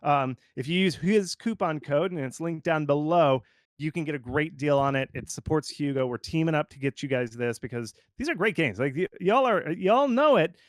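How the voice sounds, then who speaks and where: A man who is a game marketing consultant, giving casual, animated advice full of "like" fillers. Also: fairly high pitch, normal speed, dry recording, studio quality. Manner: animated and informal, lots of fillers like "like". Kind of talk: conversational expert commentary.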